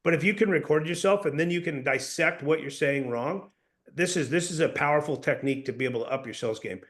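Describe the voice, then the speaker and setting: Energetic male sales coach, casual. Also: on the high side, quick pace. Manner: casual, energetic, swears and says "dude". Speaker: sales trainer.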